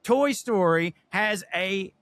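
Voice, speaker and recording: A man co-hosting a podcast in casual chat, animated and profane, slipping into put-on voices for quotes. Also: high-pitched, slow pace, dry recording. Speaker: podcast co-host.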